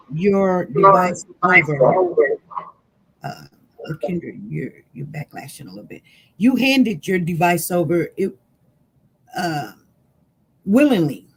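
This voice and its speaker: A high-pitched man questions a witness in a mock trial held on a video call. He speaks slowly and haltingly, with many fillers. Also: slightly rough, rough recording.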